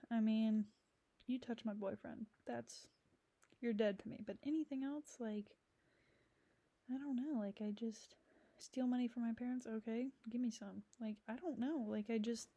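A woman's voice: a little high, dark tone, dry recording. A young adult woman hosting a podcast, talking through friendships in a rambling, candid way, with lots of fillers and blunt swearing. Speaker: podcast host. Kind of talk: candid casual monologue.

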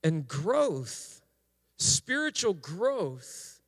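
Slow-preaching pastor, a man. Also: a little high, expressive. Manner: slow, halting delivery with restarts, rising to impassioned preaching. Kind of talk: sermon.

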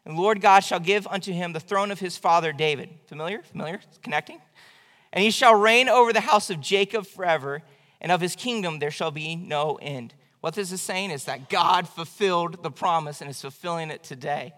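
A man's voice: high-pitched, a little fast, bright, forceful tone. A male pastor preaching an evening church sermon in a conversational, emphatic way. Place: church sanctuary. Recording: long hall reverb.

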